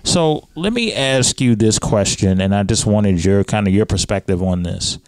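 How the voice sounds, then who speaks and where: A man hosting a casual podcast conversation, leading with questions and pitching up when he presses a point. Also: expressive, moderate pace, dry recording. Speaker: podcast host.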